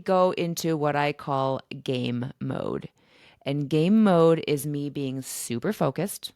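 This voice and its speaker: Chatty woman host, low and dry. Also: takes it slowly, smooth, no room sound. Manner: chatty and animated, with fillers and laughs. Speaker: podcast host. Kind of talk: casual storytelling monologue.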